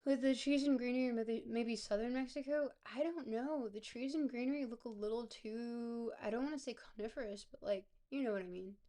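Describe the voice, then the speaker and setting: A woman streamer, hoarse and gravelly from a cold, chatting casually with her viewers and thinking aloud over a game. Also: a little high, moderate pace, few pauses, warm tone. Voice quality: gravelly, smoker-like. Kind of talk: casual live-stream gameplay commentary. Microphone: close desk mic.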